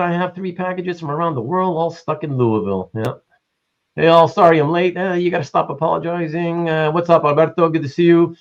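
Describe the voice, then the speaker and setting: Animated male livestream host, lo-fi sound. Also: fairly high pitch. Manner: animated, rambling, reads chat aloud. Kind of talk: casual livestream chat, greeting viewers.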